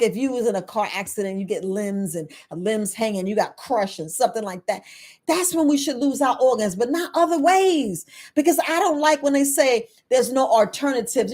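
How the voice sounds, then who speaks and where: A middle-aged woman herbalist, talking casually to her viewers, animated and laughing often. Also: fairly high pitch, moderate pace. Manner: animated, laughing, acts out quoted people in a raised voice. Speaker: herbalist host.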